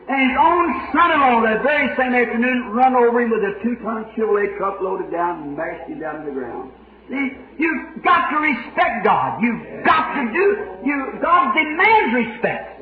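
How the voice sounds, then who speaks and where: A man preaching a sermon, telling stories dramatically and swinging from hushed to shouting. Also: very high voice, a little hiss or hum. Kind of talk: sermon storytelling. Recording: old echoey lo-fi sermon tape.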